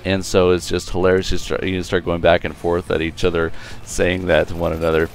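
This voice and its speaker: A man's voice: deep voice, completely flat delivery, a little fast, a little hiss or hum. A young man telling a profane, rambling story casually over gameplay commentary, full of fillers. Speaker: gaming video creator.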